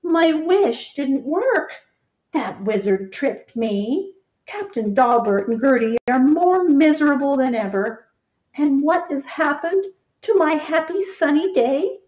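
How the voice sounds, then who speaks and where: A woman voicing a small, earnest young male bullfrog in a storybook, high and excitable. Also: slow, dull audio. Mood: sad.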